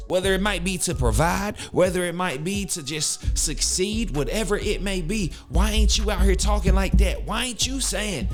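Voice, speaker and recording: Young male podcast host, fairly high voice, preachy motivational rant, light music underneath. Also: moderate pace, few pauses. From West Virginia. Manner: emphatic, preachy, rhetorical questions. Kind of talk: motivational solo podcast talk.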